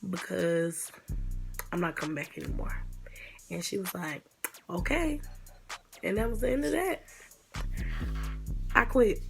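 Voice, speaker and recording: A woman's voice: medium pitch, creaky. A young woman telling a story in a casual vlog, blunt and exasperated, swearing now and then. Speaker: vlogger.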